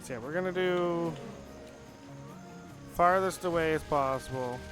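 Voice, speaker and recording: A man's voice: a little high, unhurried, over music. A young man chatting casually while playing a game, rambling with many fillers. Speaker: gaming channel host. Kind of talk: casual gameplay commentary.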